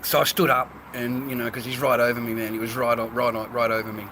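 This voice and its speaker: A man's voice: medium pitch, little pitch movement, fast talker, sharp tone, slight background noise. A man, rambling and swearing casually while vlogging outdoors by a food stall on a phone camera. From Australia. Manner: rambling, profane, blokey. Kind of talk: casual street vlog.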